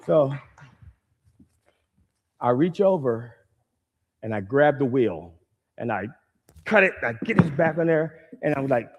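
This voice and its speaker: A male stand-up comedian telling a long story to a crowd, swinging between low asides and loud acted-out lines. His pitch sits in an ordinary middle range for a man. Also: takes it slowly, long pauses, a little hiss or hum. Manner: animated storytelling, acting out shouting quotes.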